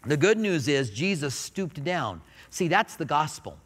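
A man preaching a sermon as a pastor in a church, animated and joking, with playful asides. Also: on the high side, measured pace, in a large hall. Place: church sanctuary.

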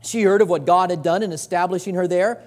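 A man's voice: sits high, fast, a little mellow, long reverb tail. A man preaching a sermon as pastor, earnest and conversational, repeating points for emphasis.

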